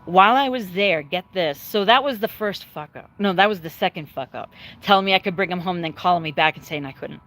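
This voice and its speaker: A woman chatting casually to her viewers from home, rambling and candid, swearing freely, emotional yet calm. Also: on the low side, fairly quick, hardly any pauses. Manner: emotional but calm, choked up at times. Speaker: livestreaming vlogger. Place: at home, dogs in the yard nearby.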